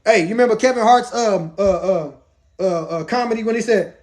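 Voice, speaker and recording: A male pastor reads old scripture verses, then breaks into loose, joking street-slang commentary. His voice sits high. He moves between formal reading and casual riffing. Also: fast.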